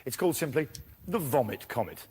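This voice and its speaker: A man's voice: medium pitch, big pitch swings, brisk, darkish tone, breathy edge. A man with a British accent presenting a TV show in an upbeat, wry way. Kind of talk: scripted TV presenting.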